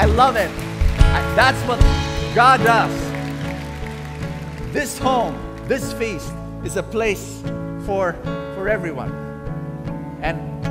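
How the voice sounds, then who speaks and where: A man preaching a sermon to a congregation, often calling out to the crowd for responses. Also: sits high. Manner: calls out to the audience for responses. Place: large hall before a congregation. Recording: long hall reverb with guitar music behind.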